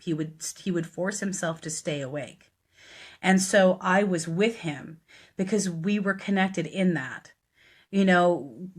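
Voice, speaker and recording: A middle-aged woman telling a heartfelt personal story as a death midwife, growing animated as she retells what was said. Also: low-pitched. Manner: heartfelt, gets animated and laughs while retelling dialogue.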